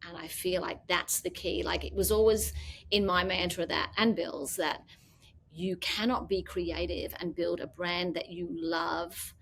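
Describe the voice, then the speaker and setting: A middle-aged Australian woman who founded a business chats casually as an interview guest, her voice fairly low, unhurried and creaky with a slight hiss or hum. She's a lively storyteller who acts out the quoted dialogue in her anecdotes.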